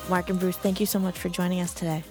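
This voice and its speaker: A woman's voice: fairly low pitch, level tone, quick pace, music in the background. A woman co-hosting a podcast in a wry, teasing way. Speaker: podcast co-host. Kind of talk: casual podcast chat.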